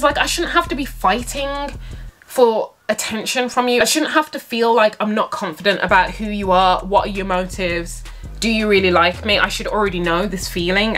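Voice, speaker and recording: A young woman tells a dating story in a vlog, animated and dramatic, with sassy asides and big leaps up in pitch. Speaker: vlogger.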